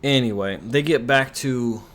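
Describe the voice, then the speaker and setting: A man's voice: mid-range voice, measured pace, fairly bright tone. A man recapping a TV show in a rambling, profane, sarcastic rant, full of asides and complaints. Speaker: commentary YouTuber.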